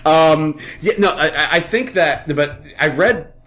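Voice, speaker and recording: A man's voice: fairly high pitch, measured pace. A man in his thirties telling crude, funny stories in casual chat, swearing freely and acting out the other voices. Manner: animated storyteller, swears a lot, acts out voices.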